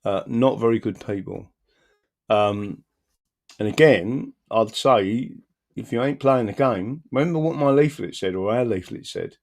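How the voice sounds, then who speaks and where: A man hosting a live stream and reading out viewer comments. His voice has a gravelly edge, and he talks bluntly, rambling with frequent restarts. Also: mid-range voice, measured pace, a little mellow. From London, England. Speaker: livestream host.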